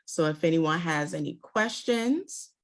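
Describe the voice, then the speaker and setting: A woman giving a relaxed, chatty wine presentation over a video call. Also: low-pitched, measured pace. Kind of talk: virtual tasting presentation. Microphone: video call mic.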